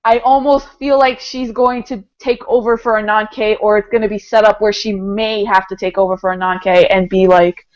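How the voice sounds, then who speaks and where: A woman's voice: medium pitch, fairly even intonation, moderate pace, hardly any pauses, lo-fi sound. A woman co-hosting a casual podcast, talking enthusiastically about a comic book, laughing often and filling her speech with "like" and "um". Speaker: podcast co-host.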